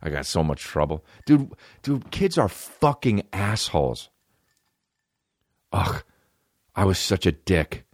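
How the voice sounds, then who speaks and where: A man's voice: low voice, very animated, takes it slowly, pauses often, no room sound, clean studio sound. A man hosting a podcast alone, telling rambling, profane comic stories. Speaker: podcast host. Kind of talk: comedic storytelling.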